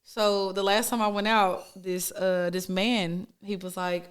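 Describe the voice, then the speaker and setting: A woman co-hosting a casual podcast, with a relaxed, unhurried delivery full of ums. She is a storyteller at heart and drifts through her anecdotes at an easy pace. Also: mid-range voice, a little hiss or hum. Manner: laid-back, many ums, storytelling. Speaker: podcast co-host. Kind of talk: casual chat.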